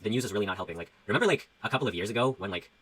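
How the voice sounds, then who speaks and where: A man's voice: on the low side, expressive, rapid-fire, a bit bright, breathy edge, dry recording, rough recording. A young man who talks casually and profanely as he rambles on a livestream, reading out donations and musing about his music. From Canada.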